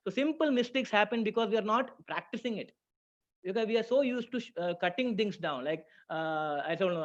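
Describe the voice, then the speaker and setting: Man, high voice, teaching a chatty online class, muffled audio. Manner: chatty, asks the class questions, reads out their answers.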